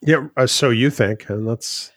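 A man co-hosts a casual podcast and needles his friend with dry, sardonic humor. His voice sits at an ordinary pitch. The recording is close and dry. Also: unhurried, fairly bright tone, no room sound. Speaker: podcast co-host. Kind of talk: casual chat.

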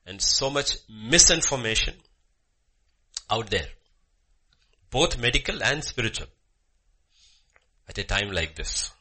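Male pastor, fervent sermon delivery; bright, husky tone. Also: lowish voice. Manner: fervent, emphatic, repeats phrases, swings between loud and hushed. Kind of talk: sermon with opening prayer.

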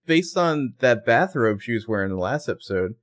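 A man's voice: mid-range voice, expressive, a little fast. A man co-hosting a podcast, musing about a TV episode and asking lots of questions in casual chat. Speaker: podcast co-host.

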